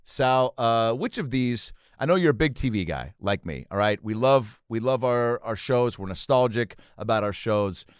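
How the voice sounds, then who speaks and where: A man with a smooth, resonant voice rambles through profane comedic stories, restarting his sentences as he goes. The recording is close and dry. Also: medium pitch, animated, moderate pace, hardly any pauses, no room sound. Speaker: podcast host. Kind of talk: casual comedic podcast banter.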